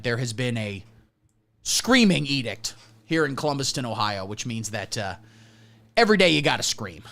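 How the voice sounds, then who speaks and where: Deadpan man with a lively voice. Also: medium pitch. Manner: deadpan absurdist, mock-conservative persona. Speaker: livestream host. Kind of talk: satirical comedy livestream rant.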